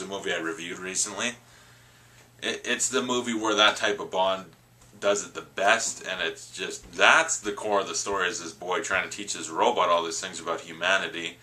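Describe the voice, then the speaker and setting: Male vlogger doing a rambling, enthusiastic movie review; lowish, very bright tone. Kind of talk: casual vlog review.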